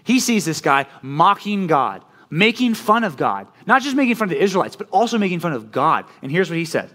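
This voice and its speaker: A man preaching a casual youth sermon, telling the story in a chatty, animated way with lots of fillers. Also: high-pitched, a little fast. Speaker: youth pastor.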